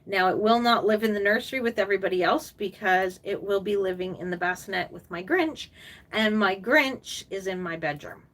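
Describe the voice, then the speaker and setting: An older woman hosting a casual live stream, chatting and reading viewer comments, rambling with lots of fillers and laughs, sometimes dropping into soft cooing baby talk. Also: medium pitch, normal speed, recorded from a distance. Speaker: reborn doll artist and collector hosting a live stream.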